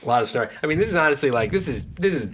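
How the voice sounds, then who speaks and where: A man co-hosting a comedic Bible podcast, reading verses aloud and riffing on them in a casual, animated way. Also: a little high, racing, slight background noise. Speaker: podcast co-host reading scripture.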